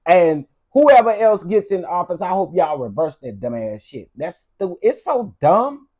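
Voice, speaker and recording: High, animated man ranting sassily. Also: measured pace. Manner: sassy, blunt and profane, talking straight to viewers. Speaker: vlog host. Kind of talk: casual commentary rant.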